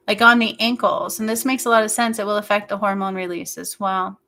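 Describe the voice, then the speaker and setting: Soft-spoken woman with a bright voice. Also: mid-range voice, steady tone, vocal fry. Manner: slow, halting, meandering with many fillers. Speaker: spiritual healer. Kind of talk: intuitive healing session.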